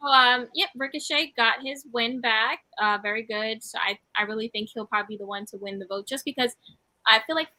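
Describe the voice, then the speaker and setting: A woman with a bright, slightly high voice co-hosts a wrestling review show. She recaps the matches in an easy, chatty way. The recording is close and dry. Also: brisk, no room sound. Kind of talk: casual wrestling review chat.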